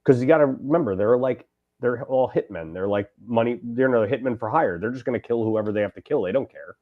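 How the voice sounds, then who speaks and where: A man's voice: mid-range voice, fairly quick, narrow, tinny audio. A man co-hosting a podcast, chatting casually and enthusiastically, often hesitating and restarting his sentences. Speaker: podcast co-host. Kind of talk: casual chat.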